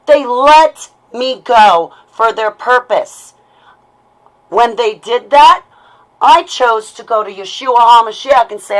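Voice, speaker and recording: A woman's voice: a little high, animated, slow, low-quality recording. A woman on a livestream, talking unscripted into a computer webcam microphone at home with an intense, emotionally raw delivery. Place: at home, indoors.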